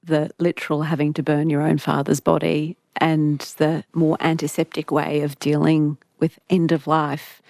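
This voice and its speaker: Low gravelly woman interviewer. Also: flat delivery, moderate pace, hardly any pauses, dry recording, studio quality. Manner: thoughtful, probing, gently summarizing. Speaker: radio interview host. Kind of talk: interview questions.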